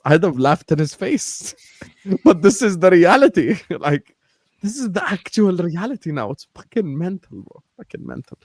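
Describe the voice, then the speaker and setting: A man hosting a live football talk stream, animated and laughing as he shouts out viewers by name. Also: a little high, moderate pace, no echo. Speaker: host.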